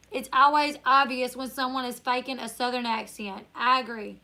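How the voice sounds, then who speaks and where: Bright high-voiced Louisiana woman chatting. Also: little pitch movement, moderate pace, few pauses. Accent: Northern Louisiana country. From Northern Louisiana. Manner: chatty, reads viewer comments aloud, laughs often. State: tired. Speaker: YouTuber live-stream host. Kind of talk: casual live-stream Q&A chat.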